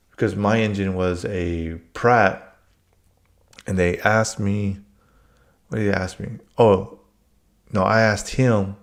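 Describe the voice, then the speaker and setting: A man's voice: lowish voice, gravelly. A man telling work stories in a casual monologue, blunt and rambling, swearing freely.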